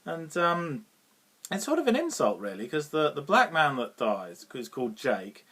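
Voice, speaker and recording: A man's voice: on the high side, very animated, normal speed, fairly bright tone, husky. A British man giving a casual, rambling film review, often chuckling and restarting his sentences. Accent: British English. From Britain.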